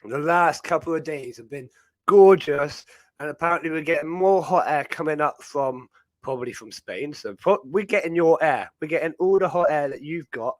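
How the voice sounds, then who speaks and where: Chatty British man, bright voice, dry. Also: a little high, normal speed, no echo. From Britain. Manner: rambling, chatty, many fillers. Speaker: livestream host. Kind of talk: casual chat.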